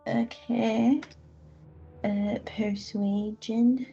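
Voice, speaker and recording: Casual woman player, unhurried and hesitant, on dull lo-fi audio. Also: on the high side, steady tone, gravelly, mellow, husky, soft background music. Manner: hesitant, halting, laughs often. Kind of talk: casual tabletop game play.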